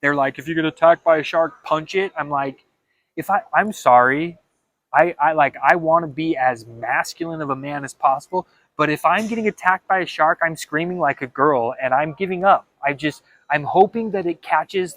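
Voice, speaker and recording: A young man talking in a casual vlog monologue, animated and dramatic, with frequent stammered restarts. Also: a little high, dry recording. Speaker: vlogger.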